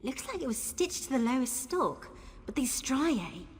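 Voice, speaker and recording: An actress playing a plucky, brisk female ally in a fantasy game, with a New Zealand accent and a breathy voice. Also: high voice, big pitch swings, big-room sound, full character voice.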